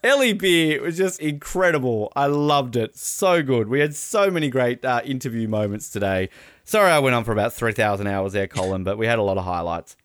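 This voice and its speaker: A man's voice: medium pitch, lively intonation, brisk, dry recording, studio quality. An Australian man co-hosting a podcast, chatting casually and animatedly, with rambling asides and laughter. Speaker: podcast co-host. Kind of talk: casual chat recapping sports.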